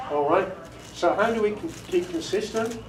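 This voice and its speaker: A man's voice: high-pitched, normal speed. Chatty man in echoey room. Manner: chatty, self-amused, often laughs, demonstrates inflections. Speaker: audiobook narrator giving a workshop talk. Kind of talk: casual workshop talk. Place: meeting room before a group. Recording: echoey room, recorded from far off.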